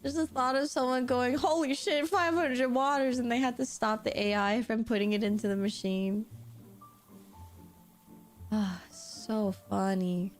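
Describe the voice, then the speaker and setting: A woman streaming while she plays a game, telling stories in a giggly, animated way, laughing often and swearing casually. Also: medium pitch, measured pace, pauses often. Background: faint background music.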